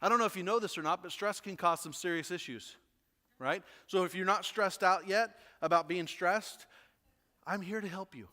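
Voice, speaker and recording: A man preaching a sermon as pastor, animated, often repeating words and asking the congregation questions. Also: high voice, moderate pace, in a large hall. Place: church sanctuary.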